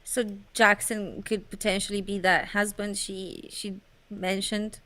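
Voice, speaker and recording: A woman's voice: medium pitch, level tone, measured pace, pushed and bright, poor audio. A woman co-hosting a casual livestream, quizzical and rambling, with frequent giggles. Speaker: co-host.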